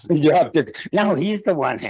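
A man's voice: a little high, sing-song, unhurried, a little mellow, husky. A man telling a traditional winter story in a folksy way, with chuckling asides. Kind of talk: oral storytelling.

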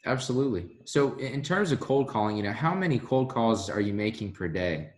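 A man's voice: mid-range voice, sing-song, a little fast, roomy sound. A man hosting a casual interview, affirming what his guest says and asking short follow-up questions. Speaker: podcast host.

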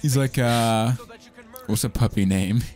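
A man's voice: medium pitch, measured pace, a little mellow. A young man hosting a casual gameplay video, joking around and putting on silly voices for the characters. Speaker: gaming video host. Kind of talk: casual let's-play commentary.

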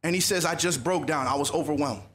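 A man speaking at a youth conference, telling a personal story in a lively, animated sermon style. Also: a little high, quick pace. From USA.

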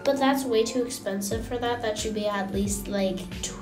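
A young woman hosting a casual gameplay vlog, chatty and gushing with excitement as she comments on what she sees. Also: fairly high pitch, moderate pace, far from the mic. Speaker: gaming channel host. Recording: echoey room, mic set back, music behind.

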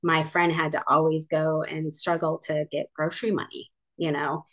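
A woman's voice: low voice, little pitch movement, moderate pace, fairly bright tone. A young woman telling her own story as a guest in an interview, earnest and full of fillers and restarts. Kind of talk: casual interview, personal story. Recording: dull lo-fi sound.

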